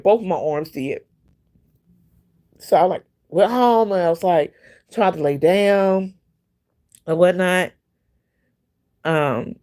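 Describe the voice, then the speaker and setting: A woman hosting a casual livestream, telling a long personal story in a rambling, repetitive way with many fillers and breaking off to greet viewers by name. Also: on the low side. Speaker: livestream host.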